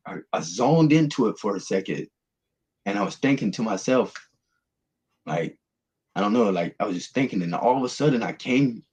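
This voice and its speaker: Man, lowish voice, earnest rambling testimony, guest. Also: darkish tone. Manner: earnest, rambling storytelling with restarts. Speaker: guest telling his testimony. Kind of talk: emotional personal testimony.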